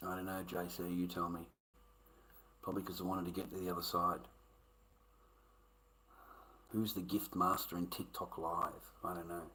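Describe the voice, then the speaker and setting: Blunt, profane Australian man with a bright voice. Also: deep voice, little pitch movement, normal speed, pauses often, slight background noise, low-quality recording. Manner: blunt, profane, lecturing, with loud bursts. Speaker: livestreamer. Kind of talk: casual rambling livestream chat.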